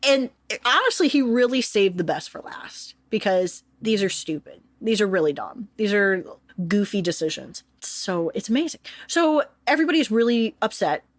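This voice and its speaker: A woman's voice: medium pitch, moderate pace, no echo. A woman co-hosting a podcast, retelling history casually with lots of swearing and jokes. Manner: profane, animated, jokey retelling. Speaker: podcast co-host.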